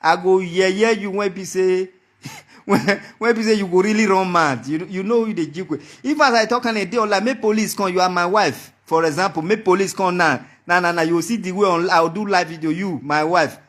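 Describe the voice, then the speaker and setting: A Nigerian man with a high-pitched voice delivers a heated monologue straight to the camera. He taunts and mocks throughout, circling back to the same threats again and again. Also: a little fast, a bit bright. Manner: taunting and mocking, repeats his threats. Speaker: vlogger.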